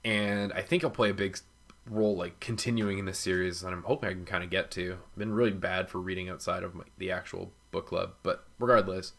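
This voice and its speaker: A man with a low-pitched but bright, forceful voice hosts a relaxed book discussion. His talk rambles along on fillers and turns playful and emphatic when he makes a point. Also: brisk, gravelly. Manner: loose, filler-heavy talk full of 'like'; jokey and emphatic when arguing. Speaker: podcast host. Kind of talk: casual book club chat.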